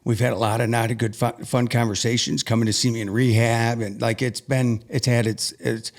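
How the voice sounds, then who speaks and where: A man in a podcast conversation who tells a deeply personal story. His voice sits at an ordinary middle pitch, and he speaks earnestly and with feeling, often stopping to restart a sentence. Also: little pitch movement, a little fast. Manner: earnest and emotional, with frequent restarts. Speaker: podcast guest.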